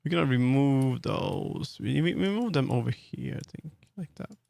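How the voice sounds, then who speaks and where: A man's voice: medium pitch, sing-song, moderate pace, gravelly, a little mellow. A man with a Swedish accent, streaming and chatting casually as he builds in 3D, rambling with many fillers and restarts. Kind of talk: casual live-stream commentary while working in 3D.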